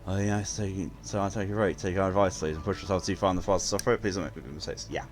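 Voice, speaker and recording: A man's voice: low voice, steady tone, quick pace, faint music behind. A man chatting casually with viewers while streaming a game, blunt and given to swearing. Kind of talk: casual live-stream chat.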